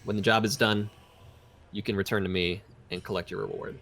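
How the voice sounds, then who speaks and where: Guy dm, lowish voice, explains slow with lots of ums. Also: little pitch movement, vocal fry, fairly bright tone. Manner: expository, measured, with many fillers. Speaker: dungeon master. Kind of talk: narrating a tabletop game in character.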